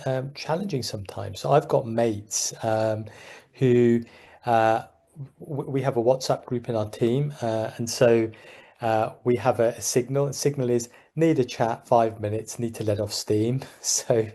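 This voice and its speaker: A man with a London accent, a general practitioner giving an informal talk to fellow doctors and telling lively stories with frequent laughter. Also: medium pitch. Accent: London English. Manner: animated storyteller, laughs often.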